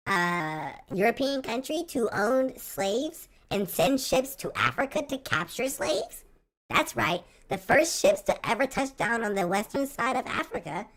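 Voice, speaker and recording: A man streaming and reacting live in a joking, rambling way, his voice run through a chipmunk pitch-raising filter. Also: big pitch swings, unhurried, a bit bright. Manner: playful, joking, rambling with restarts. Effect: pitch-raised chipmunk voice filter.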